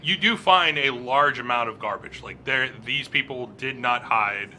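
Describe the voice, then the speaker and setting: A man narrating a tabletop role-playing game as game master, describing scenes in a relaxed, halting way with many fillers. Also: medium pitch, slight background noise.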